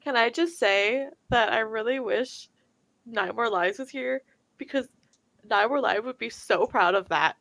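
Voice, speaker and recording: A woman playing a tabletop game, chatting quickly with the group. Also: on the high side, gravelly, fairly bright tone. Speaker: player.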